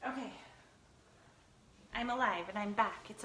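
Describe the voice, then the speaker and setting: A woman's voice: mid-range voice, moderate pace, a bit bright. A woman in her thirties hosts a casual live cooking show from a home kitchen, chatting to viewers and reading their comments aloud. She is teary from chopping onions and laughs often. A faint hiss sits under her voice. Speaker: lifestyle show host. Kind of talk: live cooking stream chat.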